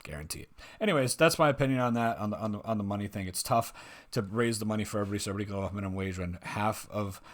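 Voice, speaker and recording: A man's voice: on the low side, racing. A man hosting a reaction video, giving blunt, rambling opinions and swearing freely. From United States. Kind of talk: casual opinionated reaction commentary.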